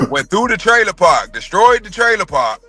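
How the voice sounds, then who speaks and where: Brief: man, casual livestream co-host, bright forceful voice, animated profane storyteller. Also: high voice, measured pace, breathy edge, soft background music. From North Carolina. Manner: animated, profane, acts out quoted voices loudly. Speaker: podcast co-host. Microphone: livestream mic.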